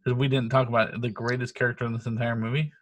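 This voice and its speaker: A man's voice: medium pitch, little pitch movement, fast. A man co-hosting a podcast, chatting casually and profanely about a movie, laughing and telling stories with animation. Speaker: podcast co-host. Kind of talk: casual chat reviewing a movie.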